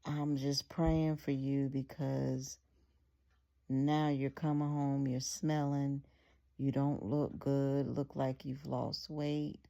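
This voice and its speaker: Woman narrator voicing a hurt wife confronting her husband, deep dark tone, unhurried. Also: little pitch movement, gravelly, dull audio, exaggerated voice. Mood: pleading. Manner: pleading then scolding forcefully. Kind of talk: read-aloud storytelling.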